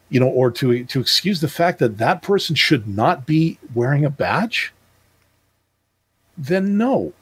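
A man's voice: medium pitch, a bit bright, slightly rough, no echo. A man in his fifties from Calgary co-hosting a podcast, talking bluntly and emphatically with stumbling restarts. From Calgary, Canada. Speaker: podcast co-host. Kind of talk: casual chat.

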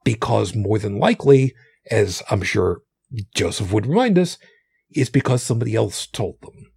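A man's voice: lowish voice, animated, moderate pace, gravelly, a little mellow, husky, no echo, clean studio sound. A man co-hosting a podcast, talking in a casual, rambling way with lots of restarts and swearing. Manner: rambling, profane, many restarts. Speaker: podcast co-host. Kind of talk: casual chat.

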